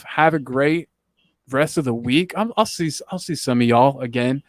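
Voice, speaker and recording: A man's voice: mid-range voice, normal speed, dry recording, clean studio sound. A young man hosting a casual chat, joking and teasing in a playful, self-mocking way. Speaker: podcast host.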